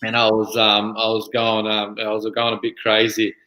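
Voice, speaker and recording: Bright-voiced Australian man, echoey room. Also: fairly low pitch, completely flat delivery, moderate pace. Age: 30s. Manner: rambling, many fillers. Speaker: guest player and junior coach. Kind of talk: casual interview chat.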